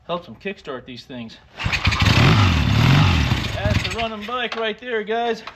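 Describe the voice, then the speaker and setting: A man's voice: sits high, very animated, slow, very noisy. Wisecracking older man tinkering with a bike. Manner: wisecracking, blunt, explains as he works. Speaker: motorcycle restorer. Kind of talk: casual how-to narration while working.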